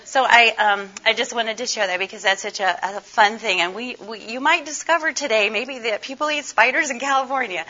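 An older woman gives a conference presentation, her bright, forward voice hoarse and scratchy from laryngitis. She is chatty and folksy, asking the audience questions, speaking a little high and briskly with few pauses. The recording is dull and lo-fi.

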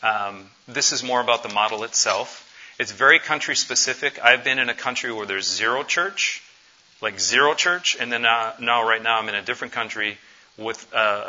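A missions conference speaker in his forties gives an earnest, conversational talk, pausing on filler words. His mid-range voice carries a bright, forceful edge, though the recording is dull and lo-fi.

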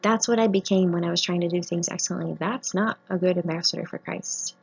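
A woman's voice: on the low side, fairly even intonation, brisk, creaky, breathy edge. A woman in her thirties, a family physician, giving an earnest faith-based talk to medical trainees, sharing her own story. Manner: earnest personal testimony. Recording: muffled lo-fi recording.

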